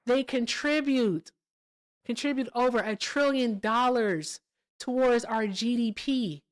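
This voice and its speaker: A woman hosting a live stream in a casual, emphatic way. She is blunt and swears, and she keeps checking in with "all right?" and "okay?". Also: on the high side. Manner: blunt and profane. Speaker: livestream host. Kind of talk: casual livestream chat and commentary.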